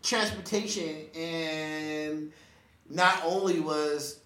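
A man's voice: on the high side, steady tone, extremely slow, a bit bright, echoey room. Laughing man telling a story. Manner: laughs through his telling, loose casual speech. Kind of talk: casual anecdote.

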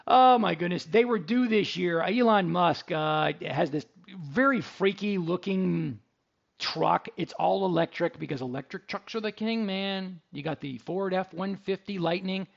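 A man's voice: sits high, measured pace, gravelly, dull audio. A middle-aged man, hosting a radio show in a chatty, jokey storytelling way. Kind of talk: casual radio talk and ad read.

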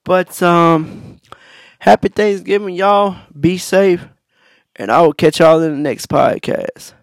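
A man talks loosely into his own podcast, full of slang, fillers and restarts. His voice sits a little high with a gravelly rasp. The recording is dry and close. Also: slow pace, no room sound. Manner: laid-back, slangy, many fillers and restarts. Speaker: podcast host. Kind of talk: casual storytelling monologue.

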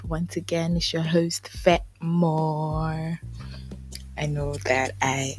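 Low-voiced breathless woman podcast host. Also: flat delivery, slow pace, soft background music, low-quality recording. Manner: chatty and apologetic, repeats herself. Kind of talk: casual solo podcast chat.

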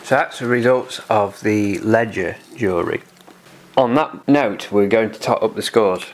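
A man hosting a podcast, chatting casually and briskly moving things along. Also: fairly low pitch. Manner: brisk, moves the show along. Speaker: podcast host.

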